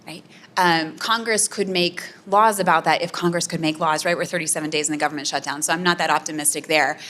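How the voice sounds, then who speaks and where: A woman's voice: low voice, fairly even intonation, fast talker, a bit bright. A woman political scientist answering audience questions at a community meeting, explaining earnestly with frequent "um" and "right?". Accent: American Midwestern. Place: community center meeting room.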